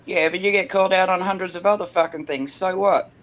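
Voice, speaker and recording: Australian male panelist, slightly high voice, outspoken and profane. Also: fairly even intonation, fast talker, a bit bright, slight background noise. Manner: blunt, swears freely, emphatic. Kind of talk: casual chat.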